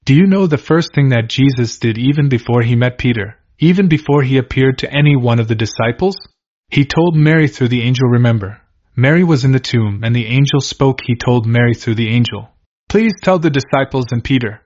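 Delivering a brisk sermon, a male preacher teaches from scripture in a steady, earnest, mid-range voice, asking his audience questions along the way. The audio is dull and lo-fi.

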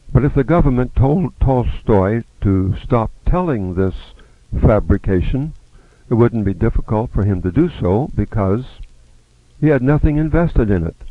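A man's voice: mid-range voice, no room sound. A man teaching a Bible study lesson, reading scripture aloud and acting out the speakers' lines. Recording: dry, narrow phone-like sound.

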